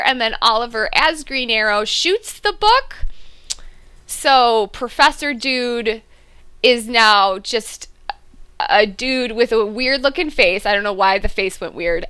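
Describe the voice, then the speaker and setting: Bright-voiced woman recapping a tv episode on a podcast, kinda high, sarcastic, laughs a lot. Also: takes it slowly, smooth. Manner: animated, sarcastic, laughs mid-sentence. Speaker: podcast co-host. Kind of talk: casual chat recapping a TV episode.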